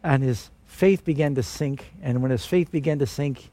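A man's voice: medium pitch, normal speed, warm tone. A man preaching a sermon, telling stories dramatically and acting out the voices of the people in them. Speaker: pastor.

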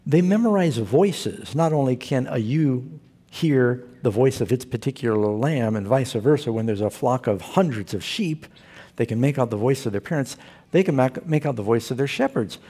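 Man, pastor, sermon, husky, medium pitch, humorous storytelling, rhetorical questions. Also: warm tone. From Southern California.

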